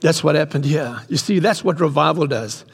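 A man's voice: on the high side, normal speed, husky. A man in his sixties preaching an impassioned sermon in a church hall. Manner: impassioned, rising to excited peaks. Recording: long hall reverb.

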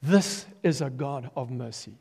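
An older man giving a testimony sermon as an animated storyteller who acts out quotes and breaks into loud emphasis. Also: mid-range voice, a little slow, creaky, husky. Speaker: preacher giving his testimony. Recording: long reverb of a large hall.

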